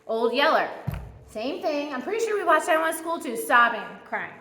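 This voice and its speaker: A woman giving a church sermon who tells personal stories in an animated, chatty, self-mocking way. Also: sits high, moderate pace, slight background noise. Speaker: guest speaker at church. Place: church sanctuary. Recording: echoey church hall reverb.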